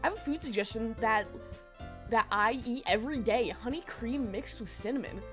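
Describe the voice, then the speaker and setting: A woman's voice: on the high side, moderate pace, a bit bright, faint music behind. A woman streamer in casual, giggly chat, greeting her viewers by name.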